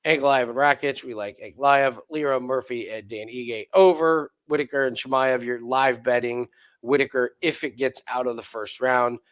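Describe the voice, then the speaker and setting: A man in an easygoing sports-betting chat, running through fight picks in a loose, rambling way. He keeps restarting and tossing in quick asides, and his voice sits in an ordinary middle pitch. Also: steady tone, fairly bright tone, smooth. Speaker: betting podcast co-host.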